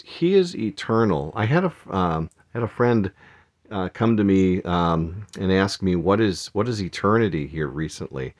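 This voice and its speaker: Rambling low-voiced man giving a devotional. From Minnesota, USA. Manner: rambling, with restarts and soft laughs. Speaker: podcast host. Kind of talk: casual devotional talk.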